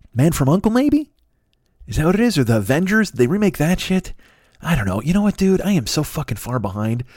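A man's voice: fairly high pitch, a little mellow, dry recording, studio quality. A middle-aged man hosting a podcast, riffing profanely through a comedic monologue that keeps wandering off on tangents. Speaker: podcast host.

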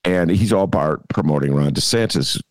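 A man's voice: sits low, animated, a little fast, no room sound. A man hosting a political podcast, talking in a wry, exasperated casual way with lots of fillers. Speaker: podcast host.

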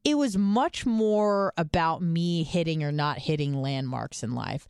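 A woman's voice: deep voice, unhurried, darkish tone, clean tone, dry recording, clean studio sound. A woman co-hosting a podcast, telling stories in casual chat and rambling loosely with lots of filler words. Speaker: podcast co-host.

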